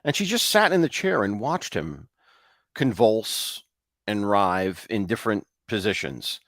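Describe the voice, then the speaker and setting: A man co-hosting a show, casually retelling a ghost story in a loose, halting way. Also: on the low side, expressive, fairly bright tone, no echo, studio quality. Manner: loose, with fillers and restarts. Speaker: co-host.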